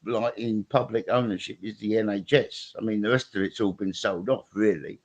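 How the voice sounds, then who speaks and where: A man's voice: on the low side, fairly even intonation, moderate pace. An older man with a British accent, a regular guest chatting casually, rambling and swearing freely. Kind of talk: casual chat.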